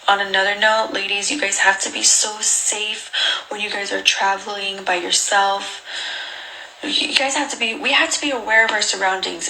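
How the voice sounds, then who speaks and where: A woman's voice: mid-range voice, creaky, rough recording. A young woman telling a personal travel story to her viewers in a casual way, acting out the lines of the people in it. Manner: animated, acts out dialogue.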